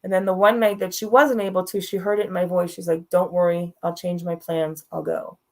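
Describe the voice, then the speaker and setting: A woman's voice: fairly low pitch, little pitch movement, a little fast, darkish tone. Frank, direct woman telling a story. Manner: frank and direct, laughs through hard moments. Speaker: guest sharing a personal story. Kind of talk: candid storytelling on a talk show.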